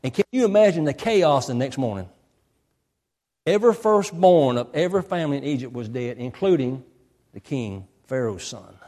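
A pastor preaching a sermon, emphatic and folksy, often repeating key phrases. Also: male voice, fairly high pitch, expressive, fairly quick, mellow, big-room sound.

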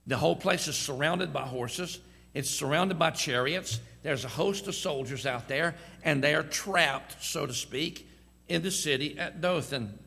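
A man preaching a sermon as pastor, telling stories with slow, emphatic, drawn-out phrasing. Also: a little high, gravelly, pushed and bright, slightly rough. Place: church sanctuary. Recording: long church hall reverb.

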